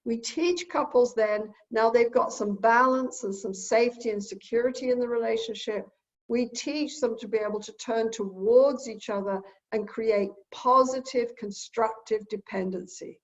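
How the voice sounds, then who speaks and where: A woman's voice: fairly high pitch, steady tone, normal speed. A woman therapist giving an earnest teaching talk from home. She repeats key phrases and acts out quoted dialogue. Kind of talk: lecture-style talk recorded at home. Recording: dull lo-fi recording.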